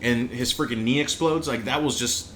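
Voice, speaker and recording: A man's voice: medium pitch, normal speed, fairly bright tone, slight background noise. A young man co-hosting a casual podcast, eager and agreeable, often restarting his words. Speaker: podcast co-host and photographer.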